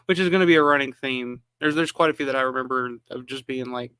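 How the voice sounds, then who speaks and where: Southern-raised guy streaming a movie watch-along, rambly, crisp clear voice, dry close sound. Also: medium pitch, fairly quick, sharp tone, dry recording. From American South. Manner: rambling, frequent restarts and fillers. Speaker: live stream host. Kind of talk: casual watch-along film commentary.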